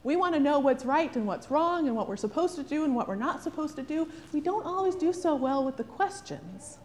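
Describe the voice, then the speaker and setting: A woman's voice: high voice, a little fast, big-room sound. A woman pastor preaching a sermon, asking rhetorical questions and often adding "right?". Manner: animated, rhetorical, frequent "right?".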